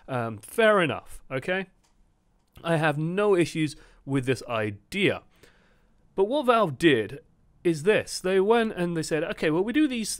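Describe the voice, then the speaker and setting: A man hosting a gaming video, delivering a sarcastic, animated rant. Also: fairly high pitch, no room sound, studio quality. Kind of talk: ranting commentary.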